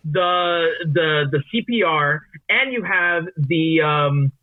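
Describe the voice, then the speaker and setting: A man co-hosting a casual podcast chat, relaxed and sharing trivia. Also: a little high, slow, narrow, tinny audio. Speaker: podcast co-host.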